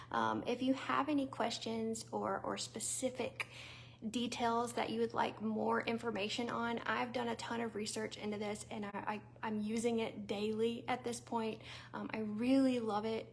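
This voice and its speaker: With a Southern US accent and a fairly high, gravelly voice, this woman talks directly to camera in a chatty, conversational way, dropping fillers and small laughs. She's a vlogger who owns a small business, and there's slight background noise.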